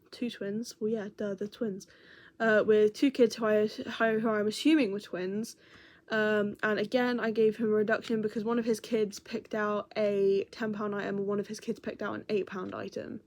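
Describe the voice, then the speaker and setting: A woman's voice: mid-range voice, darkish tone. A young woman chatting casually as a crochet vlogger, rambling and correcting herself as she goes. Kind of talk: casual chat.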